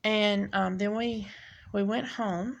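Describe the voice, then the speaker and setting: A woman giving a personal testimony, speaking haltingly with many pauses and restarts. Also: mid-range voice, steady tone, gravelly, muffled recording. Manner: halting, with frequent ums and restarts. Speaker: speaker sharing her testimony. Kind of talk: personal testimony, unscripted storytelling.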